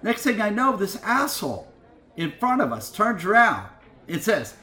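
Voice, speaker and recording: A man's voice: high-pitched, moderate pace, echoey room, a little hiss or hum. A middle-aged man hosting a music show, telling an indignant, profane story with laughs. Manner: animated, swearing, laughing, indignant. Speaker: radio show host.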